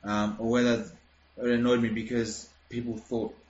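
A young Australian man in casual chat, animated and rambling, swearing freely. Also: medium pitch, normal speed. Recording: roomy, dull lo-fi sound with faint noise.

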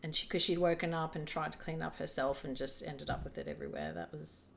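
A woman's voice: low voice, very animated, fast, vocal fry, a little hiss or hum. A woman co-hosting a casual podcast chat, rambling and restarting as she tells stories. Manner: rambling, restarts often, plain storytelling. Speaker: podcast co-host.

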